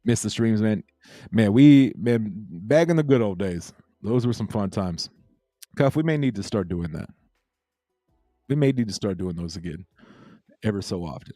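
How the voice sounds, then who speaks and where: A man's voice: on the low side, lively intonation, normal speed, long pauses, warm tone, dry recording, faint music behind. A man hosting a casual crypto livestream, talking loosely with viewers, repeating himself and reading out the chat. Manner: laid-back, repeats himself, reads chat aloud.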